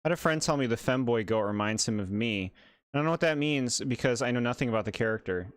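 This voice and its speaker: A man's voice: medium pitch, lively intonation, fast, no room sound. A man streaming a game, chatting casually, exasperated and sarcastic, laughing often. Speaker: gaming streamer. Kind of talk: casual live commentary.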